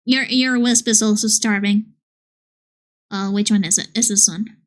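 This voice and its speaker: A woman's voice: medium pitch, fairly even intonation, measured pace. A woman streamer chatting casually and playfully with her viewers, reading their messages aloud. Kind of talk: casual live-stream chat.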